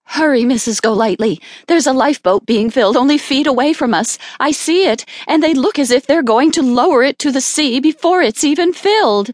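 A woman voicing a wealthy American spinster who talks loudly and commandingly, in a dry recording. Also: high-pitched, a little fast, few pauses, no echo, voice pushed up. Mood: urgent. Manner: loud and commanding.

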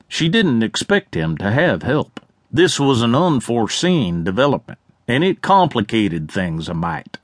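Guy reading a western audiobook, lively up and down voice, dry studio sound. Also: mid-range voice, no room sound. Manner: lively, expressive storytelling. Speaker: audiobook narrator. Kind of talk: scripted western narration.

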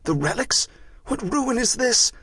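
A man voicing a young male friar who shouts in alarm and dismay in an audiobook. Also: very high-pitched, expressive, a little slow, husky, no room sound, studio quality, recorded from a distance, voice pushed up, full character voice.

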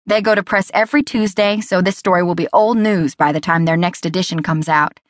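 A woman's voice: lowish voice, fairly even intonation, no echo, clean studio sound, lightly acted. A woman voicing a wary young reporter. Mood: defensive. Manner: quick, defensive, wry.

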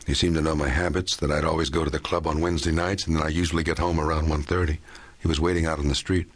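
A man voicing a shaken but composed wealthy man who answers in low, clipped, guarded phrases. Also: little pitch movement, fast, breathy edge. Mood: guarded, tense.

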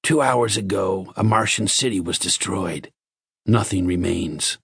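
Guy reading as a cold stern martian officer, slow clipped orders, low husky voice, dry sound. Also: a bit bright, no echo, full character voice.

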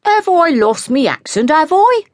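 A woman's voice: medium pitch, big pitch swings, moderate pace, dry recording, studio quality, close to an everyday voice. A woman voicing a cheerful middle-aged dad who hams up a fake Cockney accent. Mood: hammy. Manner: fake Cockney put-on, jokey.

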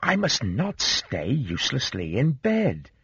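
A man's voice: mid-range voice, huge pitch swings, takes it slowly, a bit bright, breathy edge, dry recording, exaggerated voice. A man reading an audiobook, voicing a young man turned into an insect, speaking with a strained, whining voice. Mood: determined. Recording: dull dry studio sound.

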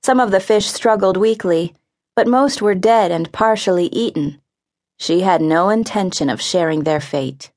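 A woman narrating a young-adult adventure audiobook, vivid and expressive in her reading. Her voice sits at an ordinary middle pitch. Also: normal speed. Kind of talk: scripted narration.

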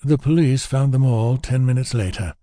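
A man reading an audiobook thriller in measured, even scripted narration on a close studio mic. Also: mid-range voice, no echo.

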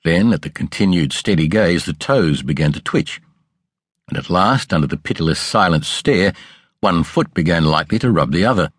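A man narrating an audiobook in a measured, expressive storytelling manner with a husky voice. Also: deep voice, dry recording. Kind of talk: scripted narration. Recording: dry close studio sound.

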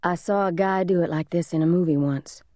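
A determined older boy talks softly but firmly to his little brother, as a woman narrator puts him on. The tone is low and mellow, kept close and dry. He sounds bossy and steady under his hush. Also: fairly quick, dry recording, lightly acted. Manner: soft, firm, hushed and bossy.

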